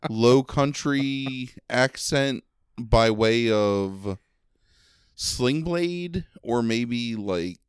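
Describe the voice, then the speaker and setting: Speaking extremely slowly in a mid-range, fairly even voice with a clean, a little nasal tone, this podcast co-host reviews a movie. His casual chat is rambling and sarcastic, full of ums and likes, and the studio-quality audio has no echo.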